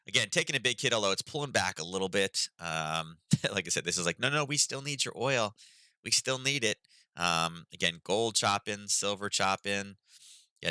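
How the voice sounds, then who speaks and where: A man with a low-set but very bright, forward voice, chatting through market news in a loose, sarcastic way. He sounds worn out from being sick, with frequent ums and a dry, close sound. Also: smooth, no echo, rough recording. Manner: sarcastic, laid-back, lots of ums. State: recovering from illness, yawning. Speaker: trading stream host. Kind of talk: casual market commentary.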